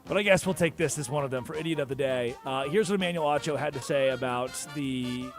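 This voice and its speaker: A man hosting a sports talk show, ranting in a mocking tone that swings between loud and soft, fast and slow. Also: mid-range voice, over music. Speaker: sports radio host.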